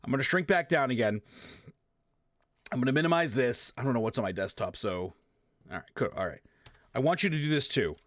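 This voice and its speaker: Animated, ranting man at a gaming desk. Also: medium pitch, a little fast, long pauses, dry recording, clean studio sound. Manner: emphatic, repetitive, swears, animated sound effects. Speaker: streamer giving an audio tutorial. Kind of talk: casual ranting tutorial. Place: home gaming setup. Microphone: desk microphone, often turned away.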